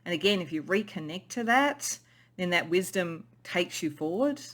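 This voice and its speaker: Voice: medium pitch, lively intonation, moderate pace, a bit bright. A tarot reader giving a pick-a-card reading in an intuitive, musing way, often repeating and restarting phrases.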